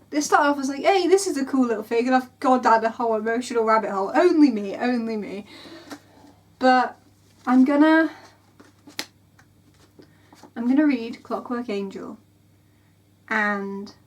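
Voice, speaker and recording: Rambling emotional young woman vlogging. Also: a little high. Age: 20s. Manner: rambling, emotional, full of "like"s and restarts. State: tired and in pain. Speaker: book vlogger. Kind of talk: casual vlog chat.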